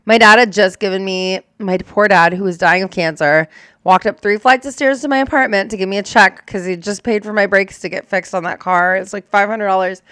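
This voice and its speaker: A woman's voice: medium pitch, fairly quick, a bit bright, clear, resonant tone, dry recording, clean studio sound. A young adult woman who is a storm chaser, talking candidly and emotionally in a casual reaction chat, swearing and using lots of fillers.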